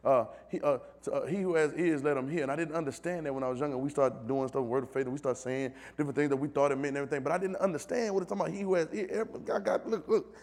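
A man preaching a sermon in a call-and-response style, building from low asides to loud shouted calls, with speech. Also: steady tone, very fast, few pauses.

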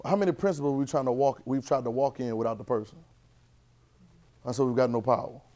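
Leading a church Bible class, a medium-pitched man speaks at a quick pace. He keeps things lively and conversational, repeating phrases and asking the class questions.

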